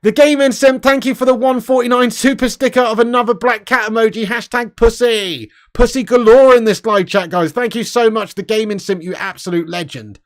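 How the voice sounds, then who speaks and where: Loud sweary young man. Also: extremely high pitch, steady tone, brisk, hardly any pauses. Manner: loud, sweary, banter-heavy. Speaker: livestream host. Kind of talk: casual live chat reading super chats.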